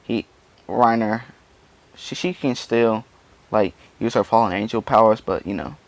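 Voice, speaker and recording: Gravelly man rambling through a story. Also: fairly low pitch, a little slow, dry recording. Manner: rambling, full of "you know" fillers. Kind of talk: casual fan-story retelling.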